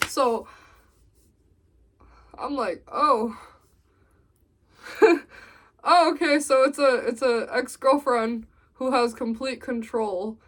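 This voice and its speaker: Slow-talking young woman telling a story. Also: on the high side. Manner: animated storytelling, acts out quotes. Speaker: vlogger. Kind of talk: storytime vlog.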